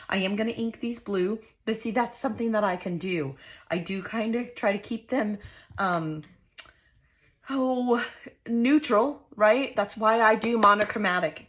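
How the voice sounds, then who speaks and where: A middle-aged woman hosting a crafting video, chatting casually and homely to her viewers as she works at her craft desk. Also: medium pitch. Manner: chatty and homey, talks to viewers directly. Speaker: scrapbooking channel host. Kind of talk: casual crafting tutorial chat.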